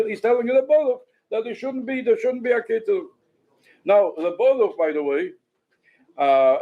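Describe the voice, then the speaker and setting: A man's voice: high-pitched, warm tone, low-quality recording. A man speaking as a rabbi at a farbrengen, telling stories with frequent restarts. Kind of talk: farbrengen talk. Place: synagogue.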